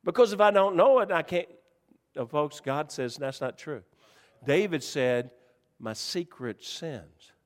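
A man's voice: a little high, expressive, measured pace, big-room sound. A man preaching a sermon, telling folksy stories and joking with his congregation. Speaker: pastor.

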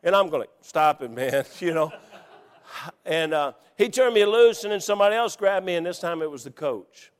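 A middle-aged man with a drawl preaches through a story, folksy and animated, acting out every quote. His voice sits fairly high and sounds smooth and resonant. A long reverb trails after him in a large hall. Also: moderate pace. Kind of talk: storytelling sermon.

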